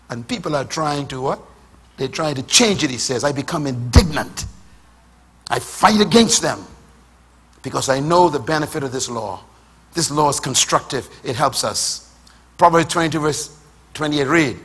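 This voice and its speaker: Fiery Bahamian preacher man, bright voice. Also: on the high side, lively intonation, normal speed, long pauses, breathy edge. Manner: fiery, builds to shouts and calls on the congregation. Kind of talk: sermon.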